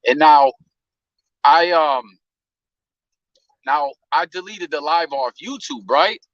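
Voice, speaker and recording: A man's voice: a little high, slow, fairly bright tone, no echo, dull audio. A man hosting a casual live stream, telling stories loosely with slang and profanity.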